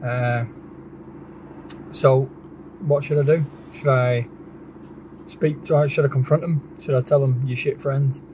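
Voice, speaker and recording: A man leaving a voice message for a show, halting and shaken. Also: medium pitch, fairly even intonation, warm tone, slight background noise, low-quality recording. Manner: halting, shaken, many pauses. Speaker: caller. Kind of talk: recorded voice message.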